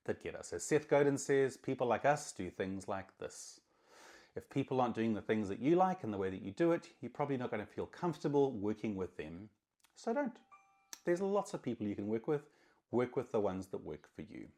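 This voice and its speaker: Low-voiced man lecturing casually to camera. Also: darkish tone. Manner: emphatic, conversational, with repeated words. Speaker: marketing consultant, podcast host.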